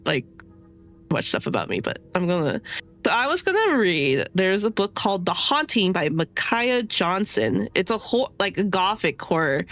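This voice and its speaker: A woman's voice: medium pitch, fairly bright tone. A young woman streaming a game, chatting casually and rambling with lots of filler words and laughs. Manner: chatty, giggly, rambling with many "sort of" and "like" fillers. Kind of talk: casual gameplay commentary.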